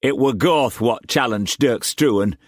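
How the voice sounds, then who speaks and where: A frightened, rough-spoken woman, as a male narrator puts her on, pleading in a broad country dialect. The voice is lifted well above his own pitch. The recording is dry and close. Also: slow pace, no room sound. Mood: anxious.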